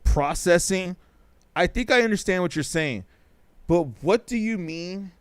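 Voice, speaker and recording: Male stream host, higher-pitched and smooth, with a dry close sound. He is slangy and jokey, repeats himself and breaks into sudden animated bursts. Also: a little slow, dry recording. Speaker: talk show host reading live chat. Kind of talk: casual live-stream chat.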